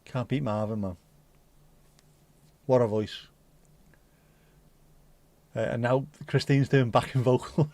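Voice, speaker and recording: A middle-aged man hosts a relaxed livestream and rambles through cheeky, playful banter. His voice sits at an ordinary middle pitch and sounds close and dry, with no room echo. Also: moderate pace, long pauses. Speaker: livestream host. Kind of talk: casual livestream chat.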